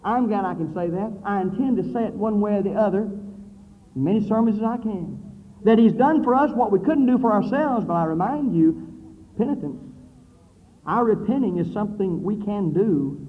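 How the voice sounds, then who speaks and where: A man preaching a sermon with dramatic swings between loud declaiming and low, hushed passages. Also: expressive, normal speed. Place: church building with brick wall. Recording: phone-like thin sound in a reverberant hall.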